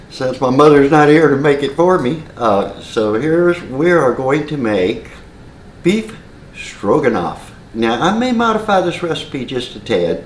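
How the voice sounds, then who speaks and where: A man hosting a casual home cooking demonstration, chatty and rambling, with side stories and plenty of filler words. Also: mid-range voice. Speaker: home cooking channel host. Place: home kitchen. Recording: roomy kitchen echo, faint noise.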